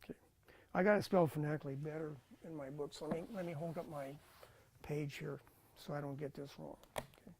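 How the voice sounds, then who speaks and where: A man's voice: on the high side, steady tone, a little fast, pauses often, a little mellow. A man teaching a Bible college class in a casual lecture style, thinking aloud with fillers and restarts.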